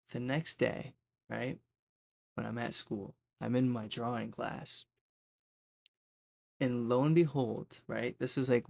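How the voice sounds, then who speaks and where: A man's voice: mid-range voice, creaky, a little hiss or hum. A man casually telling a rambling personal story, often tagging his sentences with "right?". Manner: rambling, keeps asking "right?".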